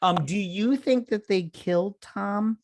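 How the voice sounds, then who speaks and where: A man's voice: high-pitched, unhurried, no echo, clean studio sound. A man co-hosting a casual movie review chat, rambling with many fillers and restarts. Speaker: podcast co-host reviewing a film.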